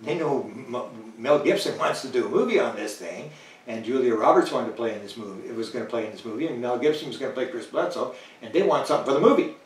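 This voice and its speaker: Animated man telling a story in a roomy space. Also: mid-range voice, quick pace. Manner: animated, chuckling, acts out quoted dialogue. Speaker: interview guest. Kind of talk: anecdotal storytelling in conversation. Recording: roomy, distant mic.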